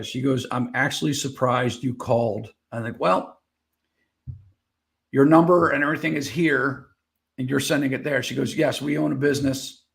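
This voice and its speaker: A man talking as a podcast guest, telling a long story in a loose, rambling way and often correcting himself. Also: medium pitch. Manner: rambling, self-correcting, gravelly. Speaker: guest, veteran board game seller. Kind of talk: casual interview storytelling.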